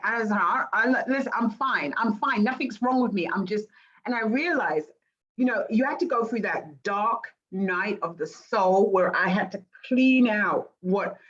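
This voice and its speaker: Middle-aged woman from great britain, life coach guest, animated, slightly high voice, muffled lo-fi audio. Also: moderate pace. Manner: animated, acts out quoted voices. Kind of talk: casual interview storytelling. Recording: dull lo-fi audio.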